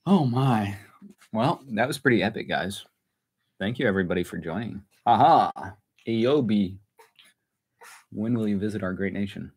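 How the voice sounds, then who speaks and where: A man's voice: lowish voice, expressive, normal speed, long pauses, breathy edge, poor audio. A man hosting a casual live stream from home, chatty and self-mocking, laughing often. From United States. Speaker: channel host.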